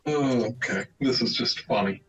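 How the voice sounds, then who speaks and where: Male player at a tabletop game, relaxed and unhurried, mid-pitched. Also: rough recording. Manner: laid-back, reads out rules and rolls.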